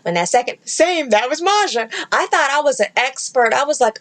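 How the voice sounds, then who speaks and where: A woman in her thirties, a podcast co-host talking in casual chat, blunt and profane, with bursts of loud laughter. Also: high voice, lively intonation, brisk, hardly any pauses.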